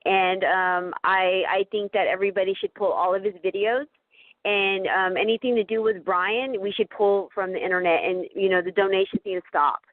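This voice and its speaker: A woman's voice: mid-range voice, fairly even intonation, moderate pace, dry recording. A woman calling in to a podcast, speaking hesitantly with stammers and restarts. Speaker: guest caller. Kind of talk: phone-in podcast conversation. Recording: dry tinny phone line.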